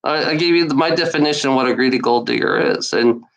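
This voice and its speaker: A solo livestreamer with a mid-range, fairly bright voice talks at a quick pace on a low-quality recording. His rambling rant targets the trolls in his chat; he curses, sneers, repeats himself, and responds directly to them.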